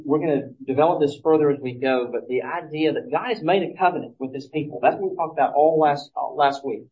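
A man's voice: mid-range voice, a little mellow. Conversational male pastor, slightly muffled. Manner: conversational, many restarts, acts out quoted lines. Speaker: pastor teaching a Bible study. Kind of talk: teaching sermon.

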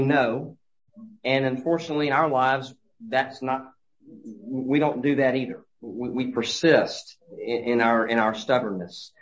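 A man's voice: mid-range voice, highs cut off. A man preaching a sermon in an earnest way, often restarting his phrases as he goes. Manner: earnest, halting with frequent restarts. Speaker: pastor.

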